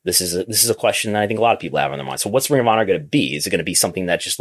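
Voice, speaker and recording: A man with a deep, low voice co-hosts a casual wrestling news talk. He stammers and restarts as he goes, then fires off strings of questions. The sound is dry and close, with no room around it. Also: expressive, fast talker, a bit bright, no echo. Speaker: podcast co-host.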